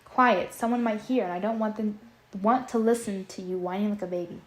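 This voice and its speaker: A woman's voice: medium pitch, steady tone, brisk, roomy sound, close to an everyday voice. A woman reading the lines of a bossy, mocking older brother who bullies his little brother in a storybook. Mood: taunting. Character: teasing bully older brother, a boy.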